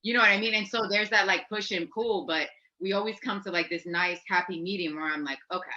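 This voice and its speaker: A woman's voice: medium pitch, a little fast, few pauses, pushed and bright, highs cut off. A woman, an actress and musician, chatting casually as an interview guest, acting out quotes and laughing often.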